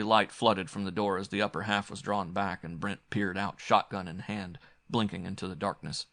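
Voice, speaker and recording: A man's voice: deep voice, steady tone, moderate pace, hardly any pauses, a bit bright. A man narrating a gothic horror story in the first person, grim and dramatic. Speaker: audiobook narrator.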